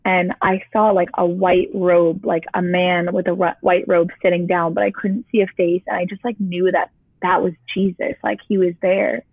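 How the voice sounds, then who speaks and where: A woman's voice: lowish voice, flat delivery, moderate pace, slightly rough, dry recording. Chatty young woman on a tinny line. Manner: chatty, peppered with "like". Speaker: guest sharing her testimony. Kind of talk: casual personal storytelling. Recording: tinny phone-line sound, dry.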